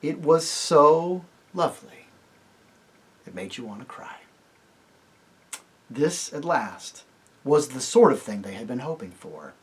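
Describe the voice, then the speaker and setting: A man, a priest, reading a children's novel aloud with expressive, animated delivery. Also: a little slow, pauses often, husky. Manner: expressive, animated reading with wide swings in pitch and loudness. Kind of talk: storybook read-aloud narration.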